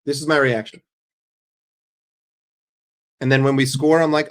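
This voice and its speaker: This football fan streamer speaks in a mid-range, level voice, a little slowly. On his casual livestream he reads chat messages aloud and answers them bluntly and sarcastically, swearing heavily.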